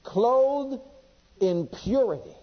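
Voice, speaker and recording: A man preaching a sermon with passion, reading scripture aloud and swinging between loud and hushed delivery. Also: extremely high pitch, animated, very slow, breathy edge, in a large hall. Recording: dull lo-fi sermon recording.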